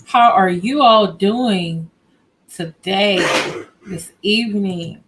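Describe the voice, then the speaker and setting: A woman's voice: medium pitch, slow pace, background noise. A woman hosting a casual livestream from home, chatty and greeting viewers by name as they join. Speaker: livestream host.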